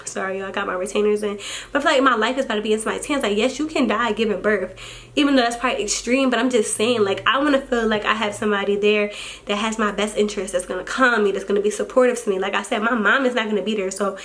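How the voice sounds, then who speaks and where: A woman's voice: mid-range voice, fairly even intonation, quick pace, fairly bright tone. A young woman vlogging casually, a first-time mom venting candidly and swearing, her voice getting teary as she tells the story.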